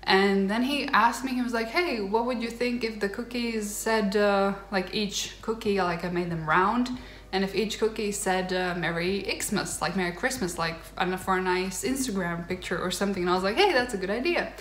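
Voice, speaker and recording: A woman's voice: mid-range voice, normal speed. Gushing young woman in a roomy echo. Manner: gushing, tearful excitement, filler-heavy. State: emotional, near tears. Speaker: vlogger. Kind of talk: casual storytelling to camera.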